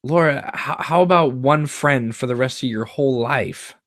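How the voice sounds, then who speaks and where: A man's voice: medium pitch, normal speed, a bit bright, no echo, clean studio sound, pitched above the performer's own voice, lightly acted. A man reading the part of an anxious, earnest teenage girl who stammers and pleads.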